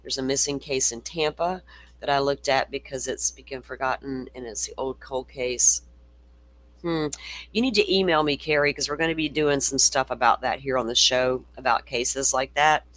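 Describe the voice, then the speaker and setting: A man's voice: medium pitch, fairly even intonation, normal speed, fairly bright tone. A middle-aged man hosting a casual true-crime livestream, swearing freely and reading viewer comments aloud. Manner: profane, ranting, reads viewer comments aloud.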